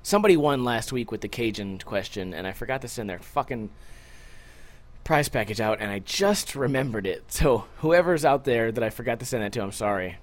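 A man's voice: medium pitch, expressive, brisk. A young adult man hosting a casual solo podcast, rambling loosely with lots of swearing and jokes, tired from a short night's sleep. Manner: loose, profane, rambling and joking. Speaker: podcast host.

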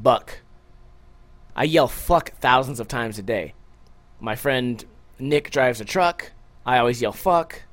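A young adult man hosting a casual solo podcast, rambling loosely with lots of swearing and jokes, tired from a short night's sleep. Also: mid-range voice. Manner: loose, profane, rambling and joking. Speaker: podcast host.

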